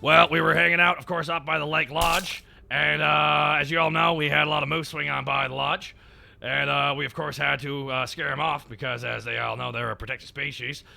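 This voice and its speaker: A man putting on a deep folksy handyman. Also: little pitch movement, creaky, pushed and bright, full character voice. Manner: slow rambling folksy drawl with many uhs. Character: folksy middle-aged male Canadian handyman lodge host.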